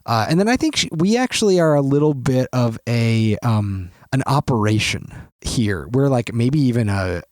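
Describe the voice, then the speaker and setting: A man's voice: mid-range voice, animated, normal speed, darkish tone, dry recording, studio quality. A man co-hosting a podcast, chatting playfully in a rambling comedic way and slipping into goofy voices. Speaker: podcast co-host. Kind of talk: comedic casual chat.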